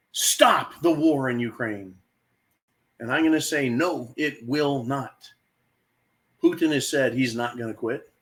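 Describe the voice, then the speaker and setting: A man's voice: on the high side, fairly bright tone, poor audio. A man hosting his own channel, talking to viewers in an exasperated, emphatic opinion monologue and often calling them folks. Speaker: channel host.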